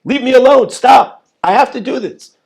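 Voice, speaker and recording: A man's voice: a little high, sing-song, moderate pace, gravelly, a little mellow, slightly rough, heavily acted. A man voicing a stern father who explains why he had to hurt his son, in a firm, patient way. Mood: insistent. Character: stern father defending a painful cure.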